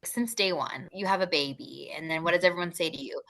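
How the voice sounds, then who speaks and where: Bright-voiced chatty woman. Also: fairly low pitch, brisk. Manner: chatty, lots of "like", laughs easily. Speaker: guest. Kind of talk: casual podcast conversation.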